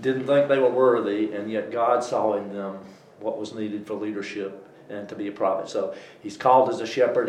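A man with a Southern US accent giving an informal Bible lesson, chatty, with many fillers and some throat clearing. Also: lowish voice, reverberant, slight background noise, poor audio. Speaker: Bible teacher.

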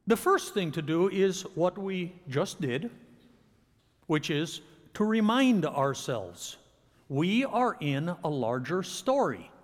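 A man's voice: on the high side, very animated, slow pace. Man preaching in a reverberant church. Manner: prays then preaches with rising emphasis. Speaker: pastor. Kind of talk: sermon. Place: church sanctuary.

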